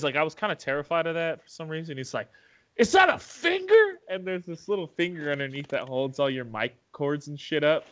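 A young man hosting a podcast chats casually, telling stories full of swearing and laughter. His pitch leaps up when he acts out being frightened, and his tone is fairly bright.

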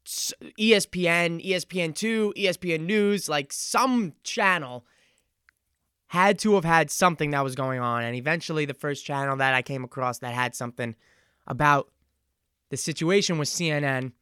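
A man in his twenties hosting a solo podcast, talking in an earnest, reflective and halting way. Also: a little high, pushed and bright, clear, resonant tone, dry recording, clean studio sound. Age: 20s. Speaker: podcast host. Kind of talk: casual solo podcast monologue.

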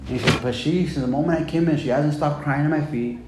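Over soft background music, a man with a slightly high, darkish voice preaches quickly and conversationally, frequently saying "man" and "right?" as he puts scripture into plain words. The room is echoey, with faint background noise.

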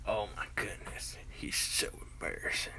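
A man's voice: on the low side, animated, slow, gravelly, noisy background. A man in his forties with a Southern US accent, hosting a podcast in a casual, rambling monologue full of fillers and restarts, with folksy country talk. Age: 40s. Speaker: podcast host.

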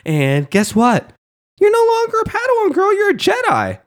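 A man's voice: huge pitch swings, normal speed, exaggerated voice. A man mocking a smug, fake-cheery council. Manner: mocking, sing-song, high and exaggerated.

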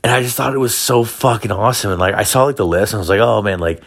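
A man's voice: on the low side, racing, fairly bright tone, husky. A man hosting a solo podcast from home, telling a profane, rambling story full of filler words. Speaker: podcast host.

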